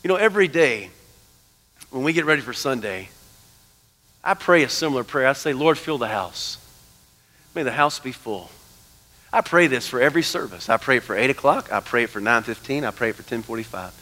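A man preaching a sermon as pastor, animated, dropping to hushed tones for emphasis. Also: medium pitch, quick pace. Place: church sanctuary. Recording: long church hall reverb.

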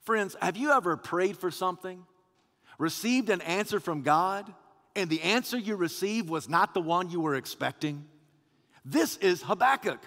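A man preaching a sermon with emphatic, rhythmic repetition that swells toward shouting. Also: high voice, animated, measured pace, big-room sound.

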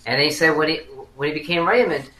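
A man's voice: a little high, fast, bright, forceful tone. A man recounting a story in casual podcast chat, with an amused storytelling manner. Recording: echoey room.

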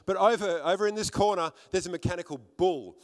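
A man's voice: sits high, fast. Fervent male preacher in a reverberant hall. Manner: fervent preaching, repeats words while building up. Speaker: pastor. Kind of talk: sermon. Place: church hall with a congregation.

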